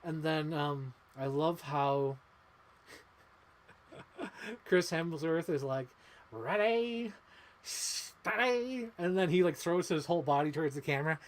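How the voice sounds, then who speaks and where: A man in his thirties hosting a casual livestream, rambling excitedly and swearing casually. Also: a little high, measured pace, long pauses. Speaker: livestream host.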